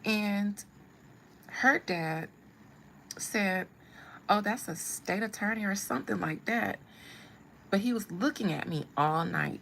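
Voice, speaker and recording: A woman tells a personal story on a live stream. She is blunt and wry, and her voice has a gravelly, creaky edge. Faint noise hums under the recording. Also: mid-range voice, slow pace, long pauses, a bit bright, rough recording. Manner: blunt, humorous storytelling with asides. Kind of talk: casual storytelling.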